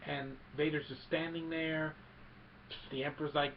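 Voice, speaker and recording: A man's voice: a little high, little pitch movement, moderate pace. A man eagerly retelling a film plot in a casual recap, rambling and restarting as he goes, on a dull lo-fi recording with faint hiss. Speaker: film reviewer.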